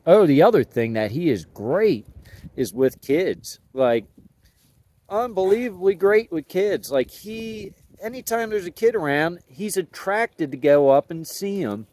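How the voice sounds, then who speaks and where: A man rambles in a laid-back, folksy way about raising his dogs, dropping slang as he goes. His voice sits a little high for a man. The recording is dry, with no room echo. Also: darkish tone. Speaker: dog owner sharing training thoughts. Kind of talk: casual outdoor vlog talk.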